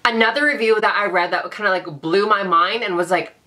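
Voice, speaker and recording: A woman's voice: mid-range voice, fairly quick, pushed and bright, a little hiss or hum. A young woman telling a storytime vlog in a chatty, dramatic way, full of "like" and "you know". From Vancouver, Canada. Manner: chatty, dramatic, heavy use of "like". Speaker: beauty vlogger.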